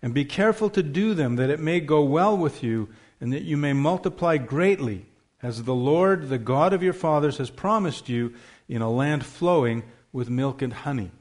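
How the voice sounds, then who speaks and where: A man's voice: fairly high pitch, lively intonation, moderate pace, darkish tone. A pastor reads scripture aloud from the pulpit. His voice is raised and declaiming, and he stresses the phrases strongly. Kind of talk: emphatic scripture reading.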